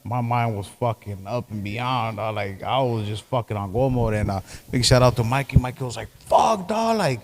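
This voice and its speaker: A man guesting on a podcast, telling a story in an excitable, profane way. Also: lowish voice, brisk, hardly any pauses. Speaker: guest rapper. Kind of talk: casual podcast chat.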